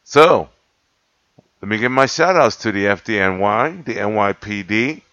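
Telling a long, rambling story about rescuing cats, a man keeps correcting himself and laughs between points. He's lowish and animated, unhurried, with a pushed, bright voice. The recording is dull, lo-fi, and dry, with no room sound.

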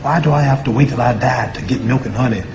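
A man's voice: mid-range voice, fast talker, rough recording. A man telling humorous, mocking stories to an audience and acting out voices and sounds. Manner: folksy, mocking, acts out quotes and sounds. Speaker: former boxer giving a talk. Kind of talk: humorous storytelling speech. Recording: steady background noise.

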